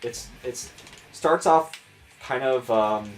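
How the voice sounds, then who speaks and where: A man's voice: medium pitch, takes it slowly. Chatty man with a Chicago accent. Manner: rambling, chatty, self-mocking. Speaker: gaming streamer. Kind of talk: casual gameplay commentary.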